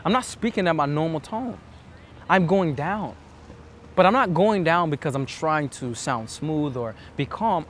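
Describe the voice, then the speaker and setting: A man's voice: fairly high pitch, a little hiss or hum. A man giving earnest, reflective dating advice as a coach, acting out the self-talk he describes. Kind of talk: instructional monologue.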